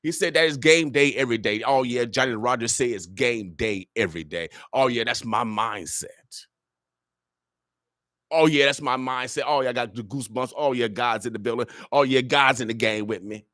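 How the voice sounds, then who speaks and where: A man's voice: medium pitch, normal speed, sharp tone, no room sound. Preachy radio host man, dry close sound. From Omaha, Nebraska, USA. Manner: emphatic and sermon-like, with repeated "oh yeah" refrains. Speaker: radio morning show host. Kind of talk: preachy motivational radio talk. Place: radio studio.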